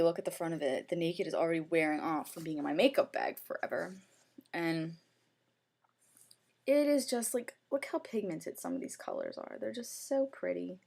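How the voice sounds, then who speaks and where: A woman's voice: lowish voice, vocal fry, a little mellow. Gushing young woman vlogger. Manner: gushing, chatty, heavy use of "like". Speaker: beauty vlogger. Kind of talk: casual makeup review.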